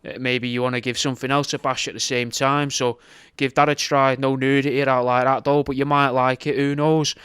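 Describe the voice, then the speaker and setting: A male podcast host gives a chatty, offhand plug. His voice is smooth and crisp, recorded close in a dry, dead space. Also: mid-range voice, level tone, fairly quick, fairly bright tone, no echo. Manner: chatty and offhand, calls listeners mate.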